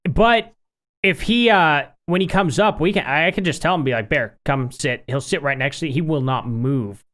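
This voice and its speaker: A man's voice: fairly high pitch, moderate pace. A man co-hosting a podcast, chatting casually and acting out little quotes as he tells stories. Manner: lively, chatty, acts out quotes. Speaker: podcast co-host. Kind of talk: casual chat.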